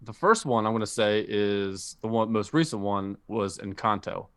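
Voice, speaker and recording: A man co-hosts a podcast, chatting casually about movies and rambling with plenty of fillers and restarts. His voice is fairly low and fairly bright, at a moderate pace, with no echo.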